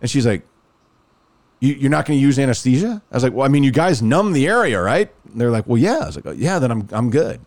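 A man's voice: mid-range voice, quick pace. A man in casual podcast chat, telling a long personal story and acting out the other people's lines. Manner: animated, acts out quoted dialogue.

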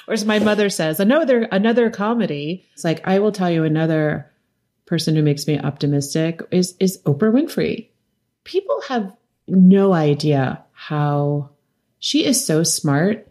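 A middle-aged woman, a documentary director, telling animated stories in a podcast interview and acting out quotes. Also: lowish voice, normal speed. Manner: animated storytelling, laughs often, acts out quotes. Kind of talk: conversational interview.

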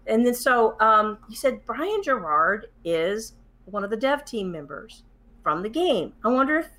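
Bright high-voiced woman telling a story, acts out the quotes, even the shushing. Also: a little slow. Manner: lively retelling, acts out quoted whispers and shushing. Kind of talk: casual storytelling chat.

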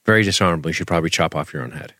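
A man co-hosting a casual podcast, recapping a show in a dry, deadpan way with casual swearing. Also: a bass voice, racing, no room sound. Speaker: podcast co-host.

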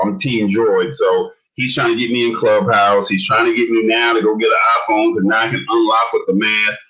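A man's voice: lowish voice, low-quality recording. A man co-hosting a live tech show over a video call, teasing his co-host in casual banter. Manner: teasing, animated, joking.

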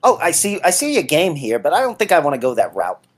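A woman's voice: low voice, wildly swooping pitch, fast talker, husky, exaggerated voice. A woman playing a naive young man new in the city, talking hesitantly with lots of ums and uhs. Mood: earnest.

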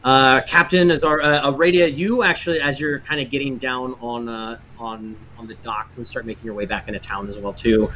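A man's voice: medium pitch, steady tone, brisk, few pauses, pushed and bright, muffled recording, a little hiss or hum. Rambling man running a tabletop game. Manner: rambling, filler-heavy narration. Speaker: game master.

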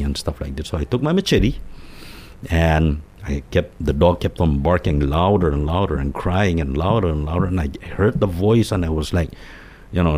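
Deep-voiced man from telling stories. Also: moderate pace. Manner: rambling, animated storyteller with many restarts and quoted voices. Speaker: co-host telling ghost stories. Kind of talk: casual storytelling chat.

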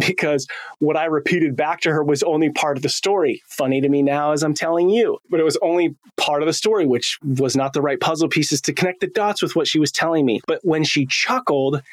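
A man hosting a podcast, telling personal stories in a casual, animated way and acting out the voices he quotes. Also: a little high, no echo. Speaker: podcast host. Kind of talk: casual storytelling monologue.

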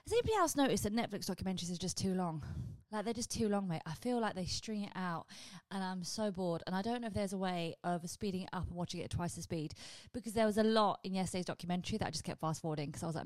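A woman hosting her own vlog, chatting casually and rambling with quick asides to her viewers. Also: medium pitch, animated, darkish tone, no echo. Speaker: vlog host. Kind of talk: casual chat.

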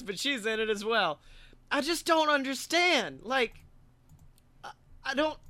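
High, bright-voiced man joking around. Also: no room sound. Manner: animated, swearing, laughing through jokes. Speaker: podcast co-host. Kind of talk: casual comedic banter.

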